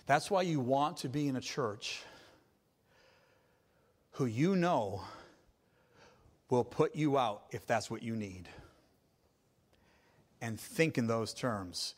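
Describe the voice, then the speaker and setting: A male pastor preaching a sermon, emphatic, repeating his points and building to loud climaxes. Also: medium pitch, expressive, takes it slowly, pauses often.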